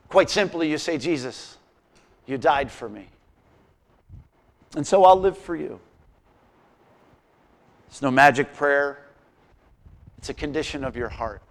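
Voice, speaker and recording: A man preaching a sermon as pastor, impassioned and full of rhetorical questions, dropping to a quiet, earnest tone in prayer. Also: mid-range voice, a little slow, long pauses. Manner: quiet and earnest when praying.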